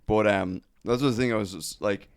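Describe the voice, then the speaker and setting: A man's voice: on the low side, moderate pace, clean tone, no echo, clean studio sound. A young man and stand-up comedian telling stories in a loose, sweary podcast chat.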